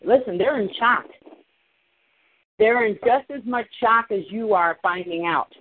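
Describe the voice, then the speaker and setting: A woman telling stories in a casual, animated way, retelling her conversations. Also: mid-range voice, measured pace. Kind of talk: casual storytelling on a call-in show. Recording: tinny phone line.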